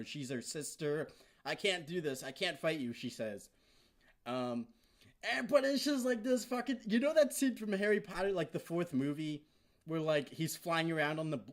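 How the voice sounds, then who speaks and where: A young man rambles through an episode recap with a lot of fillers and restarts. He swears casually, and his enthusiasm keeps breaking into loud, high-pitched outbursts before he settles back into a medium-pitched, chatty tone. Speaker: vlogger.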